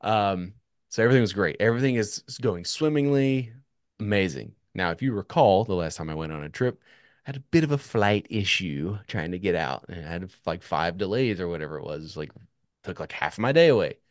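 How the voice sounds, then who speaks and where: A man's voice: low voice, lively intonation, fairly quick, no echo, studio quality. A young man telling a story in casual chat, rambling with lots of filler words, swearing now and then. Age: young adult.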